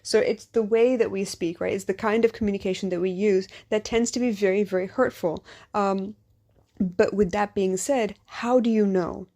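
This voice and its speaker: A woman's voice: medium pitch, steady tone, moderate pace, dark tone. A woman hosting a podcast as a life coach, talking in a candid, conversational monologue at three in the morning, a little tired and sharing personal stories. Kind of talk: casual late-night podcast monologue. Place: living in Singapore.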